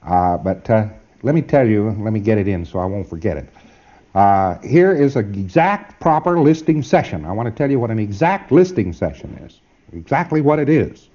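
A man lectures in a mellow, darkish voice that rises and falls with lively emphasis. He keeps checking whether his listeners have got it, with a wry edge. The old tape sounds muffled and lo-fi. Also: on the low side, normal speed. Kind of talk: informal training lecture.

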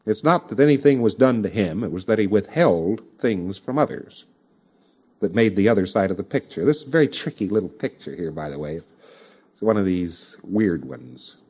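Man lecturing, lively, on dull old tape. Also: lowish voice, normal speed, breathy edge. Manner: conversational, with frequent asides to the audience. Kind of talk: recorded lecture.

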